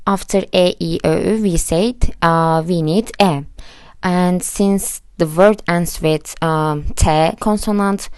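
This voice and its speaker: A woman's voice: lowish voice, slow pace, a little mellow, clear, resonant tone, dry recording, studio quality. A woman teaching a language lesson, patiently spelling out letters and word endings. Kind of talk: slow explanatory lesson.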